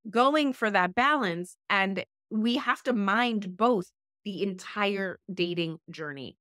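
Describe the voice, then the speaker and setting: Animated yet slow, a fairly bright, medium-pitched woman's voice delivers blunt, emphatic dating advice as a guest on a podcast interview. She is a U.S. life coach and relationship expert who keeps repeating key phrases to stress them, recorded at studio quality without echo.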